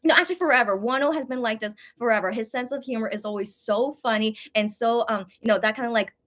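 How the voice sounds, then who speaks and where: An excitable woman tells a rambling fan story in casual livestream chat. Her voice sits a little high, and the words tumble out quickly between "um" and "like" and many restarts. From USA. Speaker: channel host.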